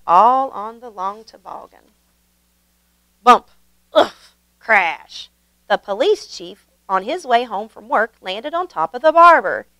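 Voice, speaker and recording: A woman hosting her channel and reading a children's picture book aloud in a gentle, expressive way. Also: medium pitch, clear, resonant tone, dry recording, low-quality recording. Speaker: storybook reader, channel host.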